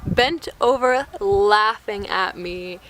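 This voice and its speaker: Over a noisy background, a young American vlogger with a medium-pitched voice takes her time recounting a travel mishap. Her delivery is casual and breathless, full of "like" and quotes she acts out.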